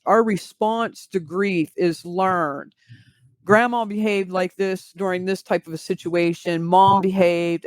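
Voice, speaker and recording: A woman guest, a grief recovery specialist, explaining in measured interview talk with vivid everyday examples. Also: on the low side.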